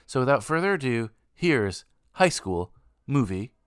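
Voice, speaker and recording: A man's voice: mid-range voice, sing-song, a little slow, smooth, no room sound, clean studio sound. A man hosting a podcast, chatting in an upbeat, rambling way with many asides. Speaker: podcast host. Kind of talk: casual podcast chat.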